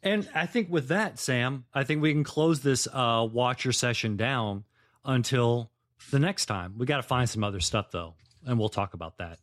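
A man's voice: mid-range voice, normal speed, a bit bright. Blunt, dry-humored man. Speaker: podcast co-host. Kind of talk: casual chat.

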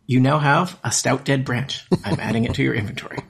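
A man acting as game master, narrating a text adventure aloud in plain, measured parser-style lines. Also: medium pitch, vocal fry, husky.

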